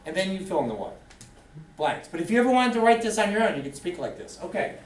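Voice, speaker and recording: A fairly high-voiced male math teacher lectures to his class, tossing questions at the students to keep them engaged. He is heard from across an echoey classroom, with faint room noise behind him. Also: fast, distant mic. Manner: lively, quizzes students, animated. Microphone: camera far from the speaker.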